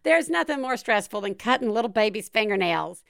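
Podcast host: woman with a clear, smooth voice, unhurried and wry, dry close sound. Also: mid-range voice, lively intonation, dry recording. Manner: wry, joking, then gently reassuring. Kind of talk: casual chat.

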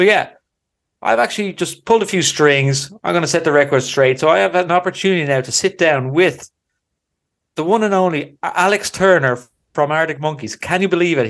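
A man's voice: on the high side, moderate pace, a bit bright. A man hosting a comedy podcast in a playful, mock-earnest manner, teasing his guest. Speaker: podcast host.

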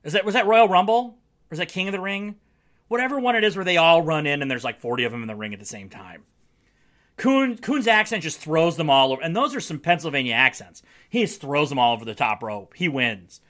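A male podcast host riffing on his team's latest game in a loose, joking way, with frequent laughs. His voice is bright and forward, and his pitch rises and falls a lot. He sounds casual and chatty. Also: lively intonation, a little fast. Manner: joking, wry, laughs often. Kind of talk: casual solo sports podcast.

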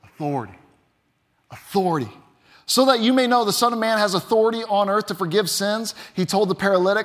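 A man's voice: sits high, lively intonation, a little fast, fairly bright tone. A man preaching a sermon as pastor, reading scripture aloud and building to emphatic points. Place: church sanctuary. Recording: long reverb of a church hall.

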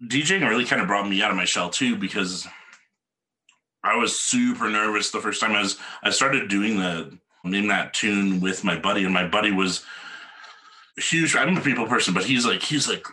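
A man hosts a casual podcast interview, easygoing and rambling, with a ready laugh. His voice is lowish but sharply bright and forward in tone. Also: normal speed. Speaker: podcast host.

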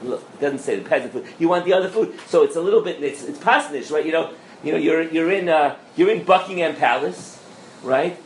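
Male rabbi, Torah class, animated, checks in with audience, slightly high voice, roomy hall mic. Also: brisk, a little hiss or hum. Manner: animated, asks the audience questions, mixes in Hebrew and Yiddish terms. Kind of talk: lively Torah lecture to a live audience. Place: lecture room with an audience.

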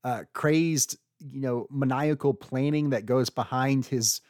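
A man's voice: medium pitch, a little slow, a little mellow, no room sound, studio quality. A man co-hosting a casual podcast debate, making earnest arguments with frequent restarts. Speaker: podcast co-host arguing casting picks.

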